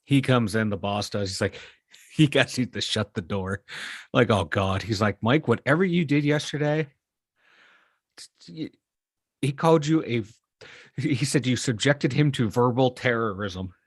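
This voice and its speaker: A man's voice: mid-range voice, unhurried, husky, no room sound, studio quality. A man with a Pittsburgh accent co-hosting a podcast, telling a casual story and acting out what he said at work. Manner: animated storyteller acting out his own quotes. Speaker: podcast co-host.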